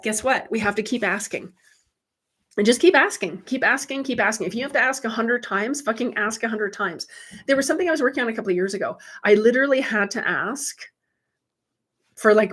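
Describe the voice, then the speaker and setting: A woman with a fairly high voice hosts a live stream as a spiritual medium. She talks casually and chattily to her viewers, swears freely and breaks into laughter often. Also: a bit bright. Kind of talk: casual livestream chat with viewers.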